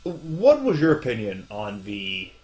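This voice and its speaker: A man's voice: fairly low pitch, wildly swooping pitch, a little slow, darkish tone. Male podcast co-host, wry and rambling, self-deprecating. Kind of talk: casual chat.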